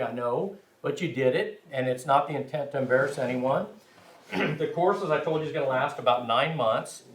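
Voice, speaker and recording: A man teaching a language class, chatty and informal, often checking in with his students. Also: mid-range voice. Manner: chatty, frequent "right?" check-ins, self-deprecating. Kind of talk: classroom instruction. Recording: roomy, distant, faint hiss.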